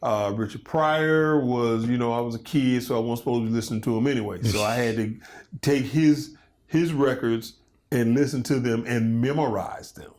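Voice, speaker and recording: Animated storytelling man in his fifties. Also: mid-range voice, normal speed. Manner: animated storytelling, loose and conversational. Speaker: comedian and guest. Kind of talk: casual interview chat.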